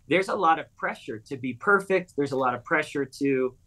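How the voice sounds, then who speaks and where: A pastor and author in his thirties tells a personal story during an interview, voicing quoted dialogue earnestly and with animation. His voice is fairly high and brisk.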